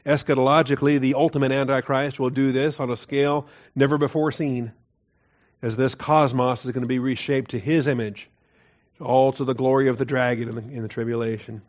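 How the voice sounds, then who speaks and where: A man teaching through Bible verses in an earnest, emphatic way, often dropping his voice low to stress a point. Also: flat delivery, a little fast. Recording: dull lo-fi recording.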